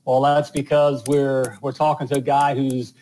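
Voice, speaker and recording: A man's voice: mid-range voice, flat delivery, normal speed, mellow, a little hiss or hum, rough recording. A man, hosting a live show in casual, rambling talk full of fillers and repeated "all right?". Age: 50s. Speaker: podcast host.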